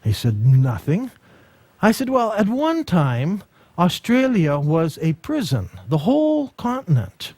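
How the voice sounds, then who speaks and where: Man, ministry teacher; animated storyteller with a high, swooping voice and a dry, close sound. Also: a little slow, dry recording. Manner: animated storytelling, acts out dialogue; frequent restarts and repeated words. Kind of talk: ministry school lesson with personal stories.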